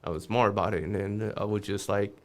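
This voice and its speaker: A man's voice: lowish voice, fairly even intonation, brisk. A man guest on a podcast, telling a street story casually, swearing freely and acting out the voices of the people in it.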